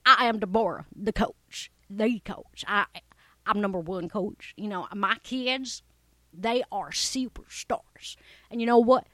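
A woman's voice: medium pitch, slow, sharp tone, dry recording. A woman voicing a brash, self-important female acting coach for child performers, pushy and boastful, tripping over her words.

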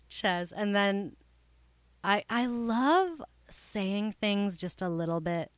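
A young woman chats playfully as host of a comedy podcast, giggling often between stories. She talks slowly, and her voice sounds dry and close. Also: medium pitch, lively intonation, no room sound. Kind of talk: casual comedy podcast chat.

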